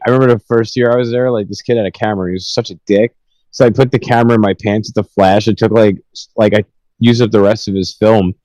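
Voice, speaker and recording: A man's voice: fairly low pitch, warm tone, dry recording, rough recording. A young man telling rambling, profanity-filled stories with laughs in a casual podcast chat. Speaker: podcast host.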